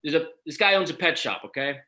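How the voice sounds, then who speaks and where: A man co-hosting a comedy chat, telling jokes and doing quick impressions in a loose, animated way. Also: fairly high pitch, poor audio. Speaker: comedian and co-host.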